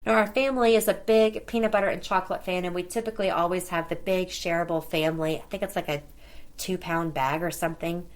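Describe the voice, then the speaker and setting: A woman's voice: lowish voice, steady tone, quick pace. A middle-aged woman hosting a podcast, telling a personal story in a conversational way and bringing the dialogue to life as she retells it. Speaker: podcast host.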